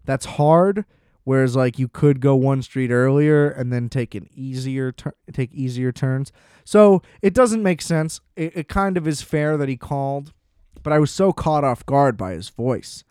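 Young adult man, casual comedic monologue. Smooth voice, dry room sound, sardonic rambling delivery. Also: medium pitch, lively intonation, a little slow, a little mellow, dry recording. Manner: rambling, sardonic, self-deprecating. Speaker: solo storyteller. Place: small room at home.

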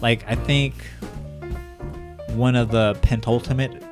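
A man's voice: medium pitch, fairly even intonation, takes it slowly, music in the background. A man, hosting a podcast in casual, upbeat chat and swearing freely. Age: 30s. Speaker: podcast co-host.

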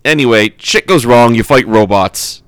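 A man co-hosting a casual podcast, rambling and swearing as he talks excitedly about a video game. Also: medium pitch, moderate pace, smooth, no echo. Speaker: podcast co-host. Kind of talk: casual chat.

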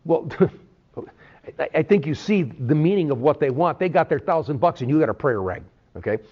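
A man teaching a Bible sermon in an animated way, often checking in with "okay?". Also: fairly high pitch, normal speed. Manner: animated, peppers talk with "okay?". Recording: dull lo-fi recording.

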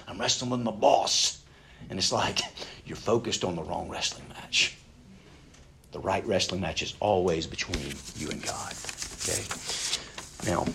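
A man preaching a sermon in a conversational way, swinging from loud, pressing emphasis to hushed, near-whispered asides. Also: on the low side, a little hiss or hum. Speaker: pastor.

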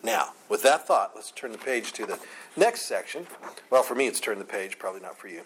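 A man's voice: on the low side, animated, brisk, fairly bright tone, a little hiss or hum, rough recording. A man leading a conversational Bible study, earnest, often restarting and repeating words as he explains a scripture passage. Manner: reads scripture aloud. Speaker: Bible teacher.

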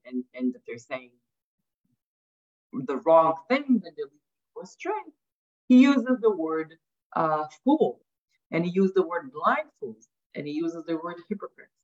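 A woman's voice: fairly low pitch, a bit bright. A woman giving an academic lecture, asking rhetorical questions and often adding "right?". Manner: frequent restarts and repeated words. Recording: dull lo-fi sound.

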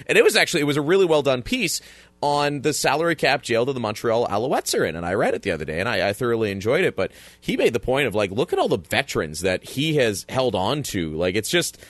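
A man's voice: mid-range voice, very animated, quick pace, dry recording. A man co-hosting a podcast, chatting casually about football with rambling jokes and acted-out quotes. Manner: jokey, rambling, acts out quotes. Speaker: podcast co-host. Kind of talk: casual sports chat.

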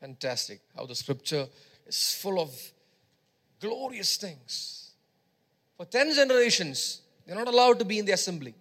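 A man's voice: sits high, fairly bright tone. A male preacher giving a sermon, emphatic, repeating phrases and urging his congregation on.

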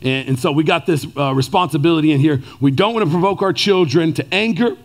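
A man in his thirties preaching a sermon to fathers, animated and conversational, often checking in with "right?". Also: fairly high pitch, quick pace. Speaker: pastor.

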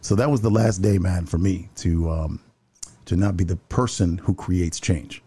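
Speaking in a low, steady, mellow voice with a breathy edge, this man, who works building security, earnestly relates a story in conversation. His pace is rapid, and he tends to repeat words when beginning sentences.

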